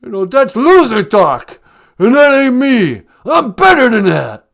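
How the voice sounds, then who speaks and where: A man impersonating a laid-back, mumbling tough-guy boxer movie star, with a low, slurred drawl. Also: lively intonation, moderate pace, darkish tone, lightly acted. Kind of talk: comedic impression.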